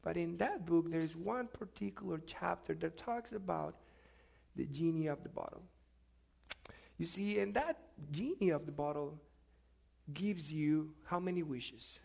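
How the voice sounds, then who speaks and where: A man preaching a sermon, moving from quiet reflection to loud, emphatic questions put to his congregation. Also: fairly high pitch, a little slow, vocal fry.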